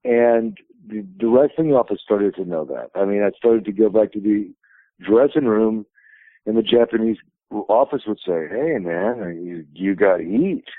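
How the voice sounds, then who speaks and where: A man's voice: on the low side, big pitch swings, moderate pace, creaky, no echo. A man in his fifties, a wrestling promotion president, telling rambling stories as a guest in a phone interview. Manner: rambling anecdotal storyteller. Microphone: telephone. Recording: tinny phone line.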